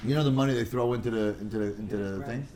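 A man's voice: fairly low pitch, rapid-fire, a little mellow, slight background noise. A man teaching a casual study class, rambling and digressive, stumbling over repeated words and mixing in Hebrew and Aramaic terms.

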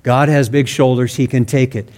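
A man's voice: mid-range voice, fairly even intonation, moderate pace, a little mellow. A man preaching a sermon in an earnest, conversational way, acting out sample prayers in his own words. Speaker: pastor.

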